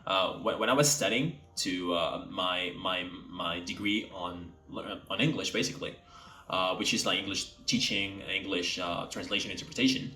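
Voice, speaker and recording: A young man from Mexico, an English teacher, chatting casually to camera and speaking deliberately from the throat. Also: deep voice, bright, forceful tone, faint music behind. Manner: speaks from the throat to sound native-like. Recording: echoey room.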